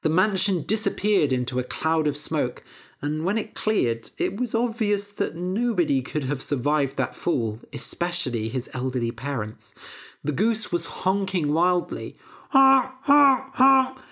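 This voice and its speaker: A woman reading a fairy tale aloud as a storyteller, slow, clear and expressive for English learners. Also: sits low.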